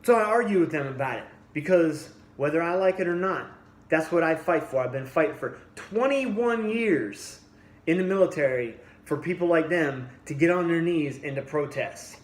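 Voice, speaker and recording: A man's voice: fairly high pitch, expressive, normal speed. A man in his forties giving a blunt, heated opinion rant for his fitness vlog, often restarting and repeating himself. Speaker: fitness vlogger. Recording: echoey room with faint ambience.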